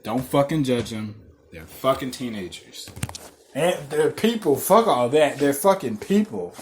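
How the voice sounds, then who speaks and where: A man's voice: mid-range voice, sing-song, measured pace, a little hiss or hum. A young man telling a rambling, profane story in casual chat, laughing through it as a podcast host.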